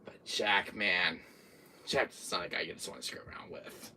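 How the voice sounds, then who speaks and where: A man hosting a gaming channel, chatting casually about horror games, who swears freely and acts out scenes in little voices and hushed whispers. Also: deep voice, fairly even intonation, moderate pace, creaky, far from the mic.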